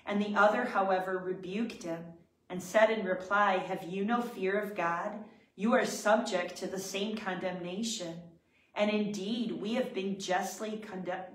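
A woman leading prayer, reading scripture aloud in a measured, reverent way. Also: mid-range voice. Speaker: prayer leader. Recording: roomy, distant from the mic.

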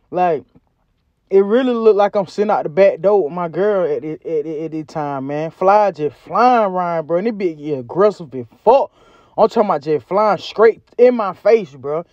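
High-voiced man, profane rambling vlog. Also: darkish tone, no echo, highs cut off. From Southern United States. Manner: loose, profane, rambling street slang. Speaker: vlogger. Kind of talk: casual food review vlog. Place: outdoors by a back door.

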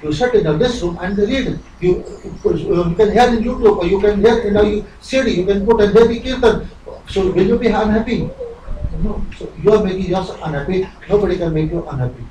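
A man's voice: high-pitched, fairly quick, warm tone, a little hiss or hum. A man giving a devotional sermon, earnest and rhetorical, acting out imagined dialogues. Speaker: spiritual teacher. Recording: roomy live recording from far off, faint ambience.

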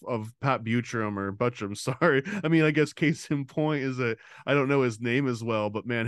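Clear-voiced man chatting casually. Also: on the low side, dry recording, studio quality. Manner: conversational, talkative with restarts. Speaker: podcast co-host. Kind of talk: casual chat.

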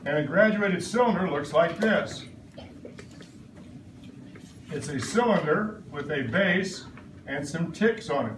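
A man's voice: fairly high pitch, animated, slow pace, pauses often, reverberant, distant mic, noisy background. A middle-aged man teaching a science lesson in a classroom, quizzing the class in playful call-and-response. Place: elementary school classroom.

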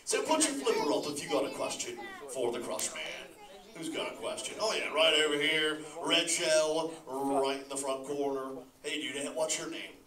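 A man's voice: on the high side, normal speed, crowd noise, close to an everyday voice. A man playing a laid-back surfer-dude sea turtle dad who says "dude" constantly and laughs a lot while chatting with a live audience. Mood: stoked, laid-back. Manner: lively, laughs often, talks straight to the audience. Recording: echoey hall, voice from far off.

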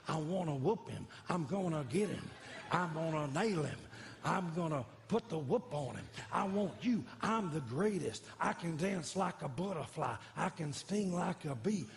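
A man's voice: a little high, lively intonation, measured pace, creaky, voice pushed up. A cocky boxer rattles off rhythmic boasts in a lifted, brash voice, as a man impersonates him. The delivery carries through a large hall with a long, ringing reverb. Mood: boastful. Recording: reverberant church hall, live.

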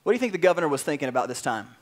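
A male pastor with a high-set voice preaching in a relaxed, chatty style. He retells scripture like a campfire story, full of slang and asides. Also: very fast. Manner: casual, animated storytelling with slang. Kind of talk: sermon.

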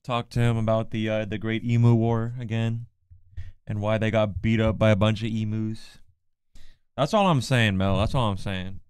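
A man's voice: lowish voice, fairly even intonation, moderate pace, a little mellow, smooth, no room sound. A man streaming live, chatting casually and trading teasing jokes with his viewers. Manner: joking, teasing banter. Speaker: livestreamer. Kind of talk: casual livestream chat.

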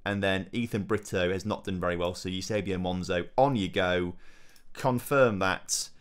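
Excitable young man commentating gameplay. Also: low voice, moderate pace, clean tone. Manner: excitable, self-mocking, swings between groans and cheers. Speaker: gaming YouTuber.

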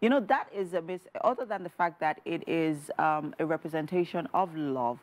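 A woman with a Nigerian English accent, hosting a TV studio interview. She speaks in a warm, encouraging way, with many "you know"s. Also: sits low, moderate pace. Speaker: TV show host.

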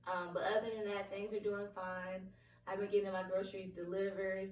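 A woman with a hoarse, cracking voice giving a candid personal update at home, rambling and apologetic with many ums. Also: mid-range voice, level tone, brisk, darkish tone, a little hiss or hum. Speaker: vlogger. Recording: roomy, distant from the mic, faint room ambience.

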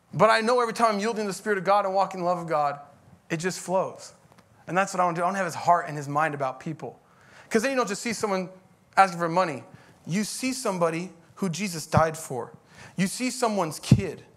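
A man's voice: sits high, fairly bright tone. A middle-aged man, a pastor, preaching a conversational sermon that rises into emphatic bursts.

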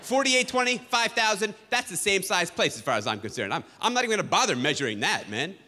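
A man's voice: high voice, very animated, fast talker, bright, forceful tone, in a large hall. A man doing a stand-up comedy set on a club stage, ranting with exasperated sarcasm.

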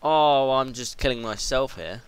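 This teenage boy's let's play commentary comes in a clear, resonant, mid-range voice at a slightly slow pace. Hosting his gaming video, he rambles, swears freely, and yelps at anything startling.

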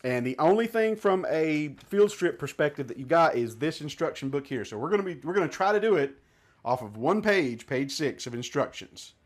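A man's voice: on the high side, expressive, normal speed. A man reviewing gear in a casual hands-on demonstration, chatting and thinking aloud as he handles each part.

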